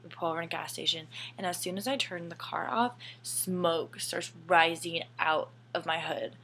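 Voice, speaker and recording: A young woman telling a personal story in a casual, animated way, swearing often and dropping into whispered asides. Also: lowish voice, normal speed, a little hiss or hum. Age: young adult.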